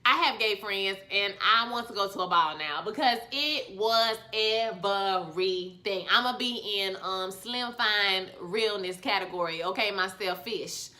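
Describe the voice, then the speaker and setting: A woman reviewing a TV episode in a casual vlog, sassy and animated, full of ballroom slang. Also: medium pitch, a little slow, hardly any pauses. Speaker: TV show reviewer.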